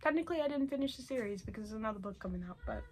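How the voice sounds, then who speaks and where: A woman's voice: a little high, lively intonation, racing, darkish tone, a little hiss or hum. A young woman chatting at home about the books she read this month, gushing and rambling with lots of fillers and repeated words. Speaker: book vlogger. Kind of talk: casual monthly reading wrap-up.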